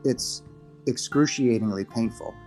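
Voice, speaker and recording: A man in his fifties, a podcast guest giving a halting, emotional personal testimony, his voice breaking at times. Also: medium pitch, a little mellow, faint music behind. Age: 50s.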